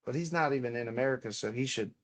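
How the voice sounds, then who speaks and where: A man's voice: mid-range voice, rapid-fire. A young man hosting a livestream, chatting in a rambling, offhand way full of casual swearing. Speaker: livestream host.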